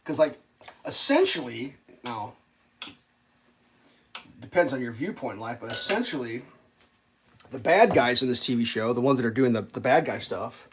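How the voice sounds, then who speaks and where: Guy rambling on a live stream, swears a lot, middle pitch, faint clinking of dishes behind him. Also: expressive, normal speed, long pauses, a little hiss or hum. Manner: rambling and profane, with frequent fillers and laughs. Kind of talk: casual rambling chat.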